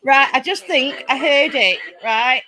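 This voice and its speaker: A woman hosting her own paranormal channel from home, chatty and easily excited, laughing often as she talks to her viewers. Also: sits high, a little slow, a little hiss or hum, poor audio. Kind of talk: casual live chat. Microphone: laptop.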